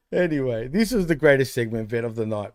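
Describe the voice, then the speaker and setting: A man's voice: mid-range voice, a little mellow, no echo, clean studio sound. An Australian man co-hosting a podcast, chatting casually in a laid-back way, calling people bro and dude. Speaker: podcast co-host. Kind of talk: casual wrestling banter.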